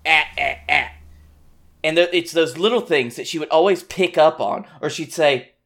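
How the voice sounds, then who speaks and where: A man's voice: a little high, moderate pace. A man in his twenties co-hosting a casual podcast, speaking reflectively and rambling a little as he remembers. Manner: reflective, rambling with many fillers and restarts. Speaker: podcast co-host. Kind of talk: casual chat.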